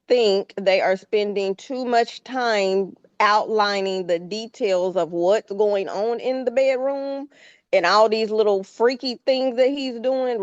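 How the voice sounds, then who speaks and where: A woman's voice: medium pitch, clean tone, no room sound, lo-fi sound. A woman co-hosting a podcast, giving frank, opinionated takes in informal casual chat. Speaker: podcast co-host.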